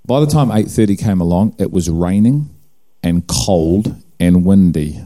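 A man's voice: deep voice, expressive, a little slow, warm tone. A middle-aged man with a New Zealand accent giving a personal testimony sermon, telling a story with acted-out dialogue and self-mocking humor. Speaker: preacher.

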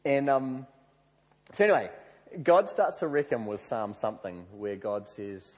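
A man preaching a sermon, telling a story with lively acted-out quotes. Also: medium pitch, measured pace. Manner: animated storyteller, acts out quoted prayers. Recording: reverberant hall.

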